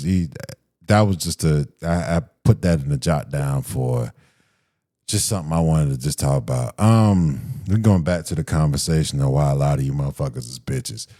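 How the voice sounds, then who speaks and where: A man's voice: extremely low pitch, warm tone. A man hosting a solo podcast, ranting with profanity and mocking quoted voices. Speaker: podcast host.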